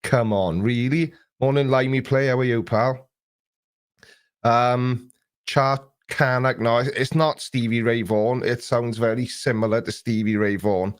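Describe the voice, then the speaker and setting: A man's voice: mid-range voice, little pitch movement, measured pace, clear, resonant tone, dry recording. A man hosting an early morning livestream, greeting viewers by name and chatting about their comments in a rambling way. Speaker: livestream host. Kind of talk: casual livestream chat, reading viewer comments. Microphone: desk recording mic.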